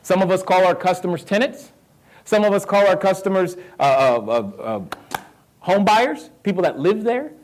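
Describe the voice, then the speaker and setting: A man's voice: high voice, normal speed. A man with a Southern American accent giving a live motivational talk on real estate, quizzing the audience and repeating his key lines. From North Carolina roots. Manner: energetic, asks the crowd questions, repeats key lines.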